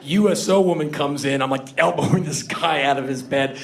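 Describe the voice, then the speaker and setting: A man in his fifties doing a comic spoken word monologue on stage, animated and given to sudden loud outbursts. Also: a little high, moderate pace, gravelly. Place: stage before an audience.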